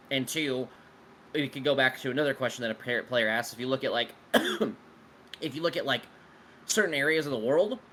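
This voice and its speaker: A man's voice: mid-range voice, bright, forceful tone, slight background noise. A man running a tabletop game as game master, casually explaining his world to players with lots of fillers and some swearing. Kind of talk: answering player questions out of character.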